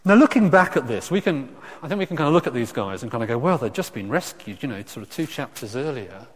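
A man preaching a sermon in a conversational way, with frequent restarts and lively asides. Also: mid-range voice, fast. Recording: echoey hall reverb.

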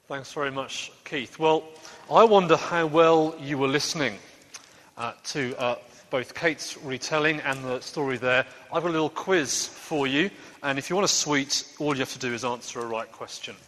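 A man leading a playful quiz for children during a church service, joking gently as he asks questions. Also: mid-range voice, normal speed, long reverb tail, slight background noise. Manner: lively, playful quizmaster with gentle jokes. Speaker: children's talk leader at church.

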